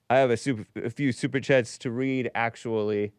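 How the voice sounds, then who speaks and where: A man's voice: medium pitch, steady tone, moderate pace, few pauses, clean tone, no echo, studio quality. A man hosting a call-in show, chatting casually with short agreeing replies. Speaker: talk show host.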